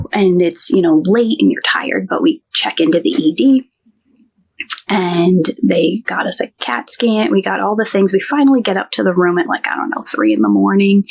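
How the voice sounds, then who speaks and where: A woman's voice: fairly low pitch, vocal fry, breathy edge. A woman who works as a nurse, telling a personal story in a podcast interview in a chatty way, full of "like" and "he goes".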